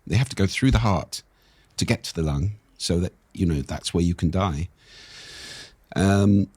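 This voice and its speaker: An older man with a husky voice, explaining speaking technique in a lively, expressive conversational way. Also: deep voice, no room sound. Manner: animated, expressive intonation. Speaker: voice coach guest.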